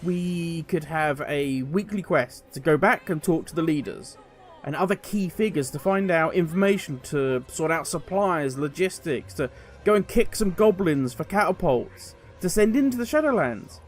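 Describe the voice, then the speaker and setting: A man giving opinionated video commentary as a gaming commentator, animated and sarcastic. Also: on the high side, normal speed.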